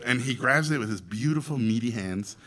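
A Mexican man, an animation director from Mexico, telling a story to an audience in an animated, theatrical way, with loud acted quotes. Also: mid-range voice, brisk. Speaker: animation director and festival guest speaker.

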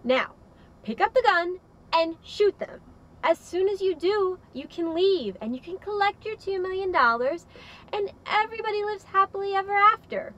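A woman's voice: very high-pitched, lively intonation, normal speed, a bit bright, muffled recording. A woman playing a smug, sing-song crime boss. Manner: sly, sing-song, mocking. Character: cold female crime boss, sly and smug.

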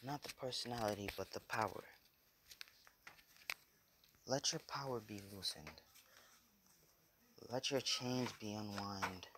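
A man voicing a gentle, remorseful goddess of existence, speaking softly and solemnly in a fan-made story. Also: on the low side, slow pace, long pauses, noisy background.

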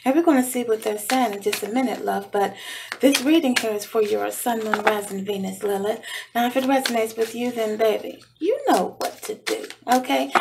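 A woman giving a casual tarot reading who calls the listener baby and love, at times dropping into a soft, whispery voice. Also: fairly high pitch, vocal fry, noisy background. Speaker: tarot reader. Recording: music playing underneath.

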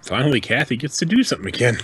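Male podcast co-host, lively pitch, jokey and quick to laugh, casual chat. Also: husky. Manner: animated, laughs often, jokey.

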